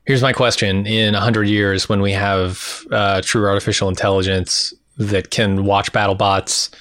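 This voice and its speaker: A man co-hosting a casual podcast, calmly summarizing an episode from his notes. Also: fairly low pitch, moderate pace. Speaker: podcast co-host. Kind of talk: casual TV recap chat.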